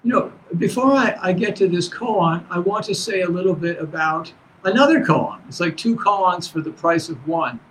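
A man teaching as a Zen teacher, giving a dharma talk to students in a halting, conversational way full of restarts. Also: sits high, lively intonation, fairly bright tone, slight background noise, rough recording.

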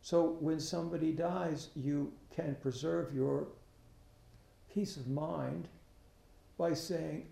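A man giving a Buddhist dharma talk, halting, often restarting his sentences, and asking rhetorical questions. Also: a little high, gravelly, warm tone. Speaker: Buddhist teacher. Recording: echoey room.

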